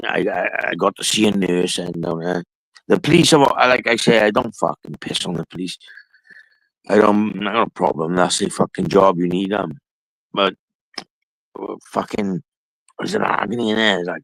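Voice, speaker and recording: A man's voice: deep voice, gravelly, fairly bright tone, no room sound, poor audio. A man telling a rambling, profane story in casual chat.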